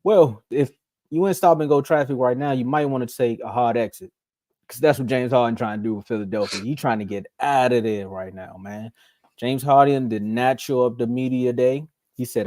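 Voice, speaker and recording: A man hosting a casual sports talk show, animated, acting out what players might say in playful put-on voices. His voice is mellow and warm, recorded close and dry with no room sound. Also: medium pitch, moderate pace, dry recording. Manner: animated, acts out quotes in mocking voices. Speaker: sports podcast host.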